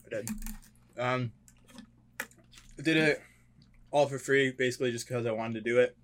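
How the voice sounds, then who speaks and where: A young man co-hosts a podcast. He talks in an easygoing, rambling way, leaning on fillers, at an ordinary mid pitch. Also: steady tone, moderate pace, noisy background. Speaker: podcast co-host. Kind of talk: casual podcast chat.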